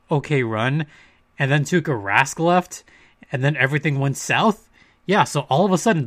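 A man with a somewhat high voice hosts a casual sports podcast, talking in a chatty way with playful asides and firm, emphatic opinions. He is close to the mic in a dry, dead-sounding room. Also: fairly bright tone, no room sound. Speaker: podcast host.

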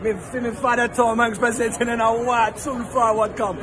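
A man playing a boastful young man in a fake Jamaican patois, giving loud hype shout-outs. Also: very high voice, flat delivery, normal speed, crowd noise, voice pushed up. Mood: hyped.

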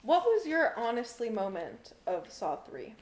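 A woman's voice: a little high, wildly swooping pitch, unhurried, a little mellow, reverberant. A woman co-hosting a casual movie review podcast, chatty and easygoing, with lots of "like" in her speech. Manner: chatty, laughs easily, says "like" often. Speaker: podcast co-host.

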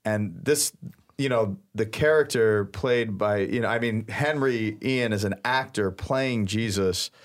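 A man's voice: lowish voice, unhurried. A man co-hosting a podcast, speaking earnestly and hesitantly in a casual chat. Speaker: podcast co-host.

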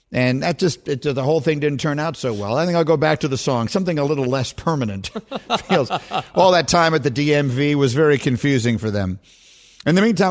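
A middle-aged man hosting a sports radio show, chatting in a self-deprecating, storytelling way. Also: fairly high pitch. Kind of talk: casual radio talk.

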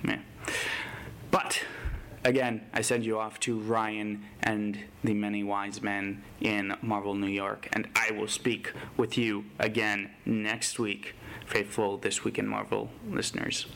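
A man with a lower voice co-hosts a podcast and runs through the week's news. He sounds eager and rambles a little, filling gaps with casual asides. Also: level tone, slow pace, vocal fry, bright, forceful tone, a little hiss or hum. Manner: enthusiastic, rambling with fillers. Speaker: podcast co-host.

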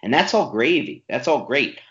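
A man co-hosting a sports podcast, making an opinionated, animated case with rapid-fire arguments. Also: medium pitch. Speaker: podcast co-host. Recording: echoey room, dull lo-fi sound.

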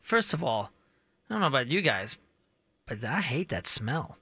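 A man's voice: medium pitch, big pitch swings, moderate pace, pushed and bright, husky, no echo. A man co-hosting a radio show, chatting casually and reacting with easy laughter.

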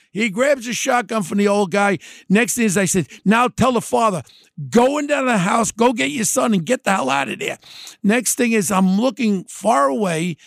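A man's voice: sits high, vocal fry, no room sound, clean studio sound. A man hosting a podcast, telling a true crime story in a rambling way and acting out the dialogue. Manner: rambling, repeats "next thing is", acts out quoted dialogue. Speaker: podcast host.

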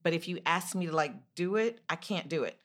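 Low-pitched, questioning woman. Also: lively intonation, a little fast. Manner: probing, opinionated questioner. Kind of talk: casual conversation.

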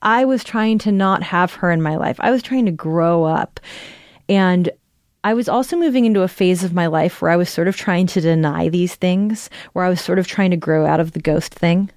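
A woman's voice: on the low side, moderate pace, darkish tone, no echo. A woman telling a personal story in a candid, conversational way, sometimes acting out what people said. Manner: candid, conversational, reenacts dialogue. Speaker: guest storyteller.

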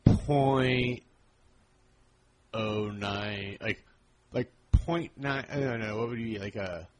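A man's voice: on the low side, takes it slowly. A young man from Southern California chatting as a podcast guest, rambling with lots of fillers and restarts. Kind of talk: casual chat.

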